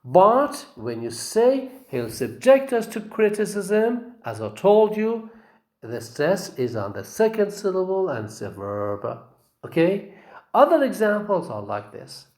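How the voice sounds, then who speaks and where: A man's voice: sits high, wildly swooping pitch, unhurried, darkish tone. A man teaching phonetics in a recorded lecture, repeating himself for emphasis and often checking with "okay?". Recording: echoey room.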